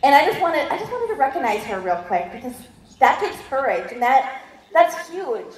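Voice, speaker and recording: A woman's voice: high voice, very animated, normal speed, far from the mic. A woman giving a motivational stage talk at a large event, speaking in an effusive, gushing way. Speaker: keynote speaker. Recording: echoey hall from afar with crowd.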